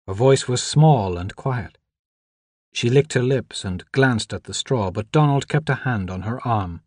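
A man narrating a novel in a measured, even storytelling manner. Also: mid-range voice, breathy edge, no echo, clean studio sound. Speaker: audiobook narrator. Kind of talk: scripted narration.

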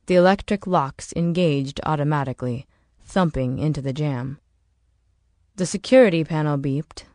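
Low-voiced woman narrating an audiobook. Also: a little mellow, dry recording, studio quality.

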